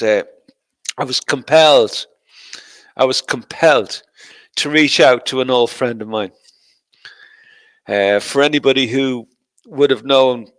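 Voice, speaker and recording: A man's voice: mid-range voice, clear, resonant tone, no room sound. Guy rambling to his livestream chat, swears constantly, laughs a lot, dry close sound. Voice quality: profane, laughs often, talks to chat. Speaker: livestream host.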